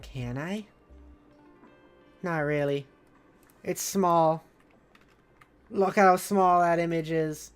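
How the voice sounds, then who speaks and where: A woman's voice: lowish voice, drawn-out words, pauses often, clean tone, soft background music. A woman streamer chatting casually and rambling, with many fillers and a bubbly, giggly manner. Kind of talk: casual live-stream chat.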